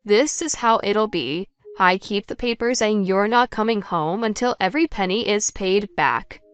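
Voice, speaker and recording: A woman's voice: mid-range voice, normal speed, smooth, no room sound, lightly acted. A woman voicing a stern mother-in-law who lays down terms in a firm, commanding way.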